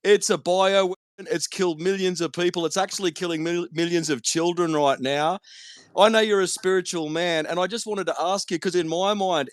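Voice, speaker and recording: A man's voice: sits high, dry recording, clean studio sound. Insistent Australian man calling in. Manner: earnest, insistent, says "mate" constantly. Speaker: caller. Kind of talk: call-in debate on a live audio room.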